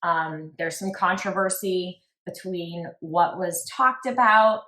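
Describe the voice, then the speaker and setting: A woman's voice: lowish voice, slow, bright, forceful tone. A woman co-hosting a true crime podcast, talking casually and reading out quotes. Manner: reads quoted texts aloud, conversational. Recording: echoey room.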